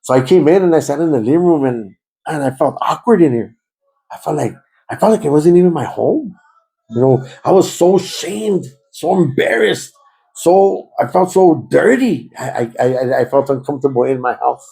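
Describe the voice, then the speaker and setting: In an interview, a man tells his life story with emotion, repeating himself and slipping into Spanish phrases. His fairly high voice is expressive and mellow, with vocal fry, at a normal speed, though the audio is poor.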